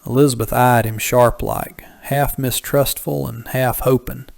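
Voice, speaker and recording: Gravelly man spinning a folksy Western yarn. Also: medium pitch, steady tone, measured pace, darkish tone, dry recording. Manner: drawling, colloquial yarn-spinning. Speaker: audiobook narrator. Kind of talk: folksy Old West storytelling narration.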